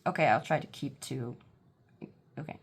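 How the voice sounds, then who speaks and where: A woman with a rumbling low, husky voice sits at home doing a casual pick-a-card tarot reading. Her delivery halts and fills up with fillers, punctuated by blunt bursts of irritation.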